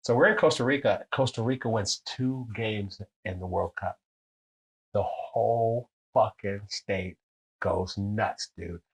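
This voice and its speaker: A man telling long, animated stories in casual chat, swearing freely and acting out what others said. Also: unhurried, slightly rough, poor audio. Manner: animated, profane, acts out quotes with big pitch jumps.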